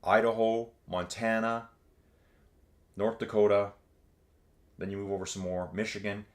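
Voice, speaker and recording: Canadian male streamer, low-pitched, loose and rambly, race commentary mixed with chat. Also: little pitch movement, unhurried. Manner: rambling, chatty, reads viewer chat aloud.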